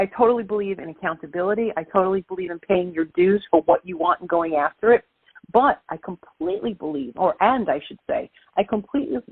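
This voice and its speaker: A woman's voice: fairly low pitch, breathy edge, dry recording. A woman from Brooklyn with a Brooklyn accent, speaking emphatically and motivationally as a guest calling into an interview. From Brooklyn, New York. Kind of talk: phone-in interview. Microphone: phone. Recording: dry, tinny phone line.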